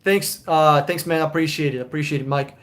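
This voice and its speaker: A man runs a casual live stream, reading viewer comments out loud. He answers car questions bluntly, swears freely and says the same point twice for emphasis. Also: on the high side, a little fast. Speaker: car buying consultant, live stream host.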